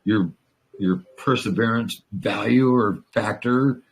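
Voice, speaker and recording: A man's voice: fairly low pitch, takes it slowly, husky. A man who is a veteran, talking in a rambling, profane and emotional way in a casual chat. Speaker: veteran in a conversation.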